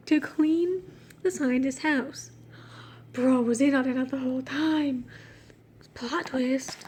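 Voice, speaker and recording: A high-voiced woman reading her own childhood story in an unhurried, easygoing way. She keeps breaking into giggles and poking fun at her writing between sentences. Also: a little mellow, slight background noise. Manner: giggly, self-mocking, breaks off to laugh. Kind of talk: casual reading with joking commentary.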